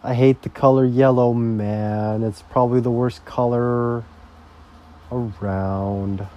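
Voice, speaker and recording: The audio is dull as a young vlogger with a steady mid-range voice rants casually. He moves slowly from topic to topic and swears heavily throughout.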